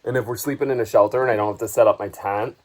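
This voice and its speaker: A man's voice: lowish voice, fairly even intonation, racing. A man chatting casually to the camera on a long hike, tired and wry, outdoors on a forest trail. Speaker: hiking vlogger.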